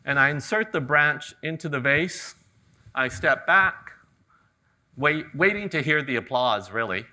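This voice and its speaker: A middle-aged man from California giving a live flower-arranging demonstration, talking in a relaxed, joking way. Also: on the high side, unhurried. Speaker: ikebana demonstrator. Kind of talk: live floral demonstration talk. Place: garden event venue with audience.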